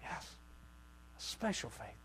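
Slow, dramatic male preacher. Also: slight background noise. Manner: dramatic, swings from quiet asides to loud outbursts; acts out quoted voices. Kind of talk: sermon.

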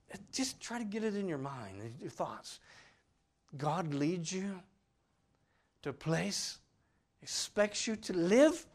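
A man preaching a sermon, swinging between loud cries and hushed lines and acting out the people in his story. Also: a little high, breathy edge. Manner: acts out voices of the people in the story.

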